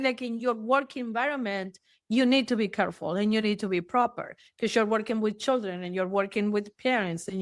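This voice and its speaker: A woman therapist talking frankly in an interview, swearing freely and choosing her words deliberately. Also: fairly high pitch, dry recording, clean studio sound. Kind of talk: casual interview talk.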